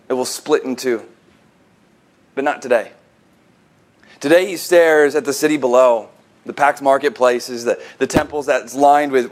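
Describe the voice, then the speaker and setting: Higher-voiced male pastor preaching vividly. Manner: vivid storytelling with swings between hushed and emphatic delivery. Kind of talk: sermon.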